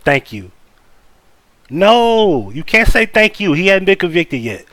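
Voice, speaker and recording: Male livestream host: blunt, profane, swoops up and down in pitch, dry close sound. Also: no echo. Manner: blunt, profane, animated, talks to chat. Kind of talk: casual live commentary.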